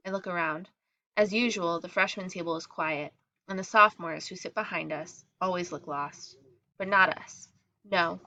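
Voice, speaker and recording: A woman's voice: gravelly, highs cut off, a little hiss or hum. A woman reading a first-person story aloud, briefly voicing the other girls in their lines. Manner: acts out the girls' lines with shifts in pitch and loudness. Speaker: reader.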